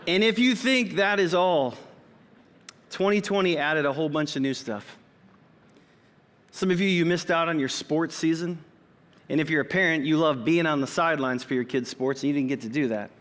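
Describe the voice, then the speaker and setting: A man's voice: on the high side, moderate pace, a bit bright. A pastor in his forties giving a sermon in a church auditorium, talking conversationally with personal asides. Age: 40s. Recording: long reverb of a church hall.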